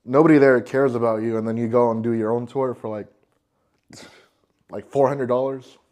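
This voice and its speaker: A man's voice: medium pitch, steady tone, normal speed, a little mellow. Slangy guy who says "bro" a lot. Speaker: podcast host. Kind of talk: casual chat.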